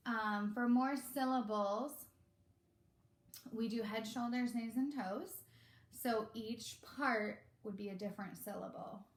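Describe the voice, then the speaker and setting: A woman's voice: a little high, takes it slowly. Chatty woman teacher in an echoey room. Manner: chatty, relaxed, with many fillers. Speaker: kindergarten teacher. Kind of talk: casual instructional talk to parents.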